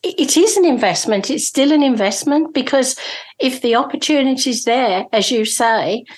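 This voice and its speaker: A higher-pitched woman hosts a podcast in a relaxed, conversational way. She encourages her guest warmly, with plenty of "you know" and quick affirmations. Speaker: podcast host. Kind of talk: casual interview chat. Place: local podcast in Waterloo region.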